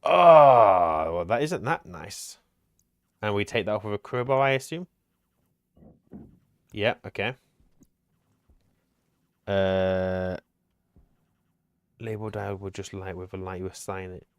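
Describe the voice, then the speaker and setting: A man's voice: lowish voice, slow pace, long pauses, dry recording. A man chatting casually while playing a co-op game on stream, thinking aloud and joking with his partner. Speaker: gaming streamer. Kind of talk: casual co-op gameplay chat.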